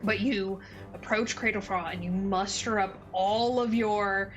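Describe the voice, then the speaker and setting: A woman narrating as dungeon master in a casual, halting way with many fillers. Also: mid-range voice, fairly even intonation, dull audio, faint music behind. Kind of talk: narrating a tabletop game.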